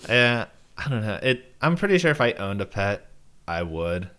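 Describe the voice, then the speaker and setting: A man's voice: fairly low pitch, big pitch swings, normal speed, a bit bright, clean tone. A man co-hosting a podcast, chatting casually in a rambling way, with plenty of "like"s and restarts as he tries to recall things. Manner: rambling, full of fillers and restarts. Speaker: podcast co-host. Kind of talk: casual movie-reaction chat.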